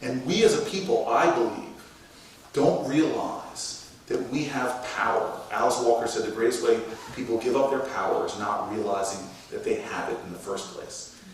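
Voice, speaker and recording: A man telling a story on stage with animated delivery, acting out shouted quotes, from the United States. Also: medium pitch, normal speed. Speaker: mayor and speaker. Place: large lecture hall. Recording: echoey hall from far off, noisy.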